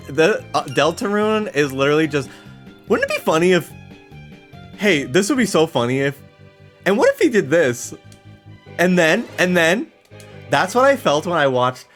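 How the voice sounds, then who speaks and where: A young adult man chatting excitedly while streaming a video game, laughing often and swearing casually. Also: a little high. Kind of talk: casual let's-play commentary.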